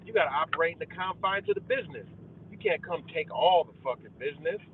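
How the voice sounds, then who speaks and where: A man's voice: fairly high pitch, quick pace. A young man hosting a live stream, ranting heatedly and profanely to his viewers about conspiracies, calling them guys. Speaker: livestream host. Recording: tinny phone-like audio with faint car noise.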